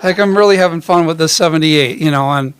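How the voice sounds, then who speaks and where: A man's voice: fairly high pitch, fast talker, fairly bright tone. A middle-aged man and ukulele performer telling rambling, self-mocking stories between songs on a coffee house stage. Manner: chatty, rambling, self-mocking, many fillers. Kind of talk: storytelling stage banter.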